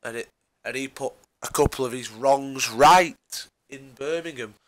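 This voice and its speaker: A man's voice: mid-range voice, measured pace. A man co-hosting a casual sports podcast, rambling with puns and many fillers. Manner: rambling, punning, filler-heavy. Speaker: podcast co-host.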